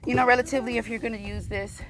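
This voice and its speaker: Rapid-fire and a little high, her voice holds a steady tone while soft music plays behind. The firearms host chats away in her casual outdoor shooting vlog, exclaiming often, calling everyone "y'all," slightly winded by the muggy heat.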